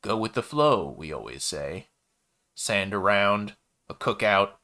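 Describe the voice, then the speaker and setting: A man's voice: on the low side, lively intonation, slow, creaky, bright, forceful tone, full character voice. A man voicing a chatty, easygoing male alien baker in a sci-fi story, with a laid-back, folksy manner. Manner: laid-back, folksy, calls the listener kid.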